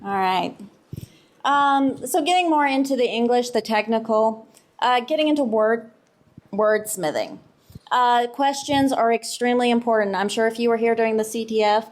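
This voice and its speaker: A woman co-presenting a conference talk in a hall, relaxed and joking. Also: fairly high pitch. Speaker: conference speaker.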